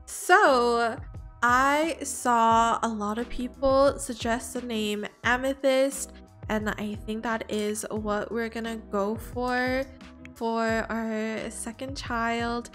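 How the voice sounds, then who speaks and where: Slow-talking high-voiced woman gamer. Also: faint music behind. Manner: chatty, gasps and squeals at exciting moments. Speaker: gaming channel host. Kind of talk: let's play commentary with face cam.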